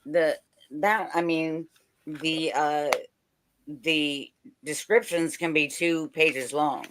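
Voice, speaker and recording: A woman's voice: low voice, fairly even intonation, takes it slowly, noisy background. A woman co-hosting a casual chat, talking in a frank, skeptical and chatty way. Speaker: medium and co-host.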